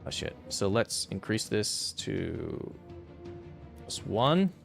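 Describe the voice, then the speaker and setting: A young man streams a strategy game over soft background music, casually thinking through his moves and muttering calculations. His lowish, gravelly voice moves slowly with big pitch swings, occasionally flaring into exasperated rants.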